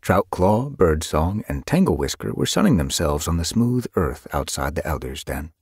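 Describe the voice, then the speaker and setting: A man reads an audiobook in a deep, husky voice. His storytelling swings lively up and down. The recording is dry and close. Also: moderate pace, no echo. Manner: expressive storytelling. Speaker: audiobook narrator. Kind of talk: scripted narration.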